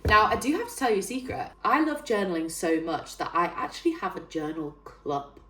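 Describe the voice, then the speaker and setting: A woman's voice: medium pitch, brisk, bright, forceful tone. A woman of thirty with a northern English accent, chatting to camera in a bubbly way, full of fillers. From northern England. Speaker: fitness trainer and YouTuber. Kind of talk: casual vlog talk to camera.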